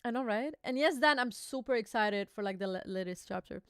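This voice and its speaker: A woman's voice: on the high side, animated, a little fast, clear, resonant tone, no echo, studio quality. A young woman hosting a casual live reaction stream, chatty and swearing as she reads the comic aloud. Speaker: streamer host.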